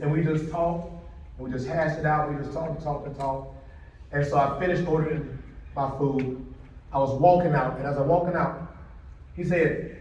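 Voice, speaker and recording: Male speaker in a booming hall. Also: normal speed, pauses often, lo-fi sound. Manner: animated storyteller who acts out quoted voices. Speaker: motivational speaker. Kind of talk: inspirational storytelling speech. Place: large indoor hall. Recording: echoey hall from far off.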